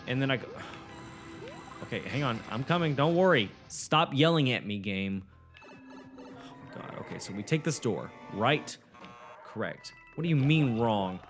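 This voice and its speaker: A young man commentating his own gameplay, swearing, boasting and getting frustrated as he talks to a friend. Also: medium pitch. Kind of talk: swearing let's-play commentary.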